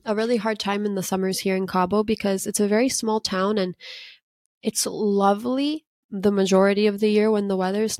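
A woman's voice: medium pitch, a little mellow, dry recording, clean studio sound. A woman in her thirties from Miami, a podcast co-host telling a long story in casual chat, full of "like" fillers. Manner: chatty storytelling with many "like" fillers.

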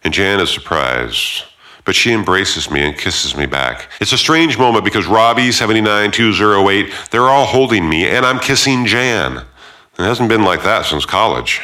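A man narrating a first-person story, sardonic and profane, swinging between hushed reflection and heated rants. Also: on the low side, animated, moderate pace. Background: loud guitar music.

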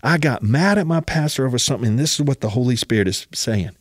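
A man's voice: medium pitch, expressive, fast, no room sound, clean studio sound. A man preaching a sermon as a personal story, emphatic and often urging his listeners to listen.

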